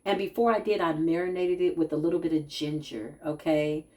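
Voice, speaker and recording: A woman giving a casual spiritual tarot reading to her viewers, chatty and animated, often laughing and calling them y'all. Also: deep voice, a little fast.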